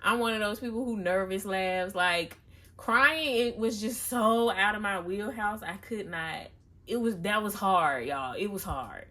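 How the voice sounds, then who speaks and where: A woman's voice: mid-range voice, unhurried, pushed and bright. A young woman talking candidly and confessionally in a casual personal vlog, chatting to her viewers. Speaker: vlogger.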